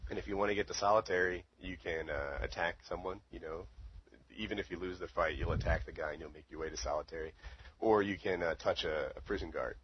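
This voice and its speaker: A man's voice: sits low, quick pace, slight background noise. A man telling a long story in casual chat, rambling with lots of fillers. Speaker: podcast co-host. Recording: dull lo-fi audio.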